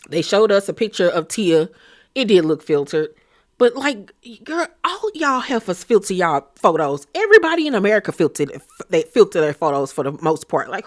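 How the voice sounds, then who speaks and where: A woman giving a sassy, blunt, slang-filled casual recap of a reality show, laughing as she rants. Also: on the low side. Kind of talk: casual gossip recap commentary.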